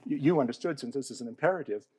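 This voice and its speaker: A man's voice: medium pitch, very fast, darkish tone, dry recording, rough recording. A man giving an explanatory talk on poetry to an audience. He often checks in with "okay?" and "all right?" and puts questions to the listeners. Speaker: panel speaker on poetry.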